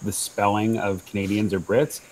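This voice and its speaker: A man's voice: lowish voice, little pitch movement, moderate pace, rough recording. Wry teasing man at a game table. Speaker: player. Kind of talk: casual chat at a game table.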